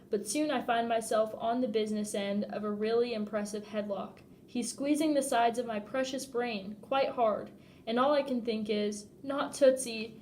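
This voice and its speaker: Casting: expressive female novel reader, slightly high voice, amused. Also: a little hiss or hum. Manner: expressive, often laughing at the text. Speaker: audiobook reader. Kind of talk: reading a novel aloud.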